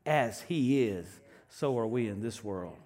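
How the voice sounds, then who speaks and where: An older man preaching a sermon, telling stories with animated voice swings between loud and soft. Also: fairly low pitch, a little slow.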